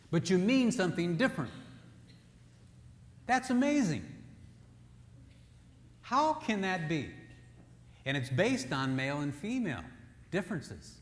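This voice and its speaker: A man's voice: sits high, big pitch swings, a little slow, pauses often, a little hiss or hum. Jokey male speaker in an echoey hall. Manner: jokey storyteller who acts out quotes. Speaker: marriage seminar speaker. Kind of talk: humorous seminar talk with scripture.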